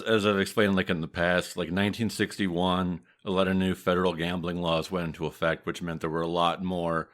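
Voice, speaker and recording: Deep-voiced Midwestern man telling history. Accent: Midwestern American. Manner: steady, matter-of-fact storytelling with dry humor. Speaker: podcast host, mafia historian. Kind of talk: casual podcast chat.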